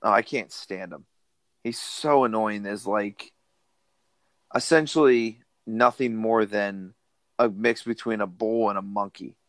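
A man's voice: lowish voice, measured pace, a bit bright, no echo. A man casually chatting about a movie, opinionated and plain-spoken. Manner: opinionated, plain-spoken, brings prepared facts. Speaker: podcast co-host.

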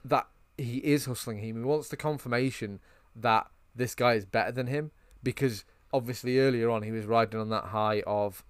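A man's voice: mid-range voice, moderate pace, clean tone, dry recording. A man co-hosting a film podcast, animatedly retelling scenes in casual chat. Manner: animated storyteller, recounting scenes. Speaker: podcast co-host.

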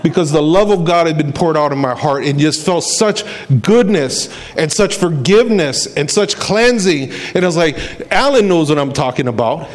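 A man's voice: on the high side, expressive, normal speed. A male preacher giving an emphatic, storytelling sermon.

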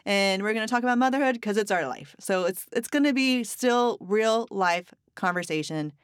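A playful woman hosting a podcast, talking in a loose, chatty way and joking easily. Her voice sits at a middling pitch. The sound is dry and close. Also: moderate pace, smooth, no echo. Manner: playful, chatty, laughs often. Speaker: podcast host. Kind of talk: casual podcast chat.

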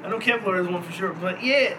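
A man co-hosting a casual podcast chat, joking around, laughing often and swearing freely. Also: sits high. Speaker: podcast co-host. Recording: noisy background.

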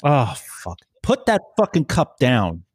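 A man's voice: mid-range voice, huge pitch swings, measured pace, breathy edge, no echo, clean studio sound. A man co-hosting a podcast, chatting casually in a profane, rambling, jokey way. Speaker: podcast co-host. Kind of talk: casual chat.

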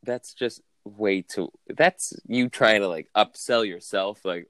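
Deep-voiced man, dry deadpan podcast chat. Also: slow, no echo. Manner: dry, deadpan complaining with playful put-on bits. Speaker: podcast co-host. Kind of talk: casual chat. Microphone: remote call.

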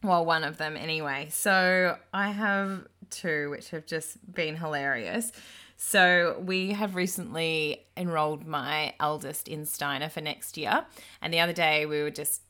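A woman, co-hosting a podcast as an animated storyteller who laughs a lot. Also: sits low, measured pace. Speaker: podcast co-host. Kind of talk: casual podcast chat.

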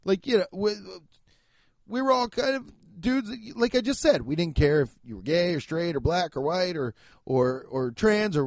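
A young man in his twenties or thirties, a comedian rambling through a profane, animated monologue with bursts of shouting. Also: sits high, no echo. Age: 20s to 30s.

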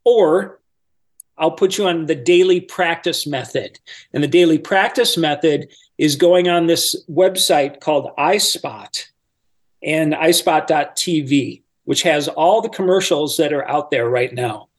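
A man, a voice-over coach, explaining his methods step by step in a relaxed podcast interview. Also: a little high, measured pace.

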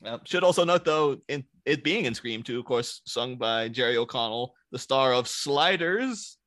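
Jokey man with a bright, dry voice. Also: medium pitch, expressive, normal speed, no room sound. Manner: jokey, laughing, does goofy voices. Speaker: podcast co-host. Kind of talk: casual film chat.

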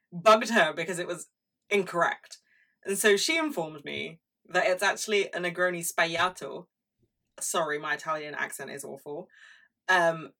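A woman's voice: deep voice, sharp tone, recorded from a distance. A woman in her twenties hosting a solo podcast, chatty and casual, swearing freely and laughing often. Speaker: podcast host.

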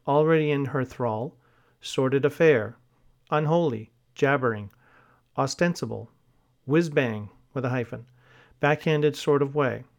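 Male reader, mid-pitched, very slow and deliberate delivery for a vocabulary list, spells words and flags hyphens. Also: muffled recording.

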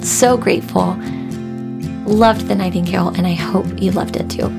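A woman's voice: on the low side, fairly even intonation, moderate pace, vocal fry, loud music behind the voice. A woman hosting a podcast, talking through a book she loved in an earnest, emotional, heartfelt way. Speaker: podcast host. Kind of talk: casual book review monologue.

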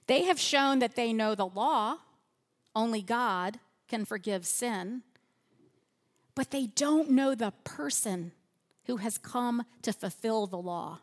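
A woman preaching a sermon in a church, slow and earnest, softening her voice on repeated phrases. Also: on the high side.

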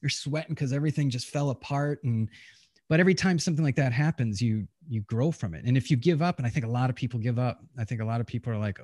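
A man's voice: medium pitch, fast talker, darkish tone, dry recording, clean studio sound. A middle-aged man telling candid, profane stories in a casual interview, often restarting his sentences. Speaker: podcast guest, retired pilot.

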